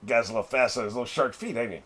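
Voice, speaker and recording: A man's voice: mid-range voice, very fast, fairly bright tone, slightly rough. A middle-aged man hosting a reaction video, chatting casually as he watches, swearing freely and laughing often. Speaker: reaction channel host.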